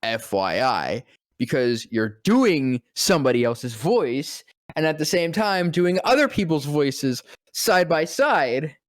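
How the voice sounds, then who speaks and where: On a casual podcast, a male guest voice actor spins a profane, lively story, regularly slipping into deep voices to quote others. He talks slowly, and the studio-quality recording has no echo.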